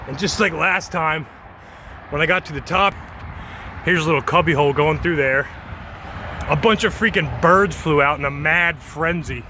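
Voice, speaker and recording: A man vlogging as he climbs a tall outdoor tower, out of breath, chatty and excited, recorded on a handheld phone. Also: fairly high pitch, moderate pace, pauses often, a little hiss or hum. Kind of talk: casual narration while climbing. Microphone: handheld phone camera.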